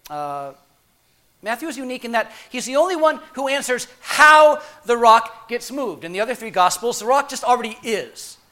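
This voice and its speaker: A man preaching a sermon in a playful, animated way, breaking off into humorous asides and restarting his phrases as he goes. His voice is pitched high for a man and swings widely up and down. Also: moderate pace.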